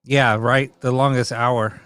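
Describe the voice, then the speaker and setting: A man hosts a late-night live stream, chatting loosely with viewers and playfully scolding them. His voice is smooth and clear, at an ordinary middle pitch. The sound is dry and close, with no room around it. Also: steady tone, slow, fairly bright tone, no room sound. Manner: chatty, laughing, teasing back at viewers. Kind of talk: casual chat with live chat viewers.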